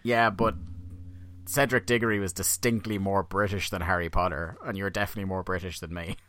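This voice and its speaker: Bright-voiced joking podcast host man. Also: low-pitched, steady tone, brisk, no room sound, studio quality. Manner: joking, laughs often. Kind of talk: casual podcast chat.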